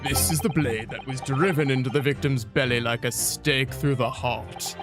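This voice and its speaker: A man voicing a haughty male prosecutor with a measured, taunting delivery. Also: mid-range voice, natural voice. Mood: smug. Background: game music.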